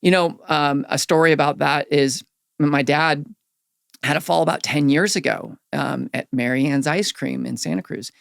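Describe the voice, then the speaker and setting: A middle-aged man, a guest on a podcast, candidly telling personal stories in an earnest, animated way. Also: on the high side, moderate pace, creaky, no echo, clean studio sound. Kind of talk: reflective storytelling in a podcast interview.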